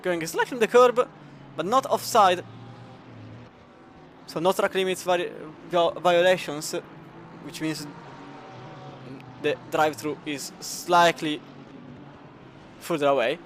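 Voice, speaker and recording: A man's voice: high voice, slow, pauses often, a bit bright, a little hiss or hum. A man with an Italian accent commenting live on a sim racing endurance event. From Italy. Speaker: race commentator.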